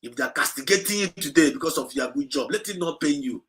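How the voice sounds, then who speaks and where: A man with an Igbo accent preaches on a livestream in a forceful, bright voice that sits a little high. He exhorts and repeats himself, moving back and forth between English and Igbo. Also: expressive, fast talker. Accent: Nigerian Igbo. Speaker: movement speaker.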